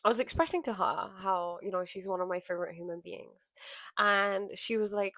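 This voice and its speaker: A woman vlogger telling a personal story in an earnest, emotional way, with soft laughs and many fillers. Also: medium pitch, moderate pace, dry recording, clean studio sound.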